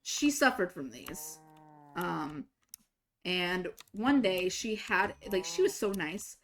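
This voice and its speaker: A young woman streaming a game, casually telling a story, swinging between exasperated, swearing outbursts and quiet asides. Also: on the low side, very animated, slow. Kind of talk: casual storytelling while gaming.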